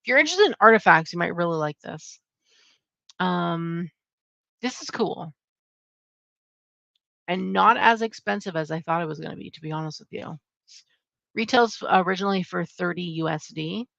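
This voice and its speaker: A young woman with a lowish, gravelly voice rambles casually through new book releases, full of "um" and "like." The sound is dull and lo-fi, close and dry with no room around it. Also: animated, moderate pace, pauses often, a bit bright, dry recording. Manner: chatty, rambling with many fillers. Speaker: channel host. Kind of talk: casual upcoming-releases review.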